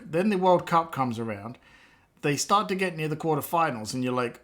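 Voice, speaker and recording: A man's voice: a little high, lively intonation, moderate pace, fairly bright tone. A man, chatting casually with live chat viewers while he works, joking around and laughing often. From England. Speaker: live streamer.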